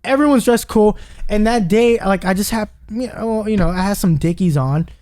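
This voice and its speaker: A man's voice: sits high, normal speed, darkish tone. A young man telling a story on a casual podcast, acting out quotes and swearing freely. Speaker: podcast host.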